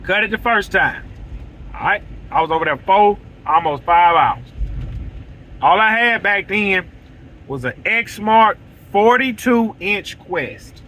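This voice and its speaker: A man telling an excitable, repetitive story to viewers from his vehicle. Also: high-pitched, takes it slowly, poor audio. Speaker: lawn care business owner. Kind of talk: casual storytelling vlog. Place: vehicle, driving outdoors.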